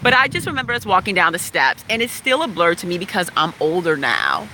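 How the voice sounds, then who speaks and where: A woman from West Virginia frankly telling a personal story in a chatty, animated way. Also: lowish voice, fairly quick, a little hiss or hum. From West Virginia, USA. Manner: frank, animated, chatty, laughs now and then.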